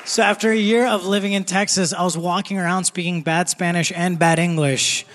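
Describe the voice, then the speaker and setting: Young guy doing standup live in a theater, kinda high voice, chatty punchy style, faint crowd in the back. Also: fairly even intonation, brisk, a bit bright, long reverb tail, a little hiss or hum. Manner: casual, conversational, punchy delivery. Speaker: stand-up comedian. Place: theater stage before a live audience. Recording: live theater with audience ambience.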